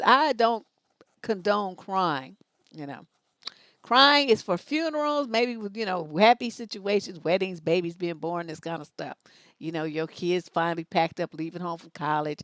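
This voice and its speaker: A woman's voice: on the high side, no room sound. Blunt, scolding woman with dry sound. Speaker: advice show host. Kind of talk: livestream advice commentary.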